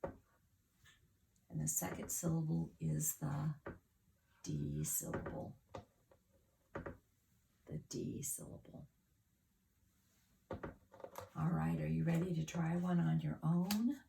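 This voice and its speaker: A woman teacher leading a children's phonics lesson, sounding out and spelling words slowly and clearly at a board. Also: sits low, fairly even intonation, noisy background. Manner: slow, clear word-by-word spelling with claps and sounding out.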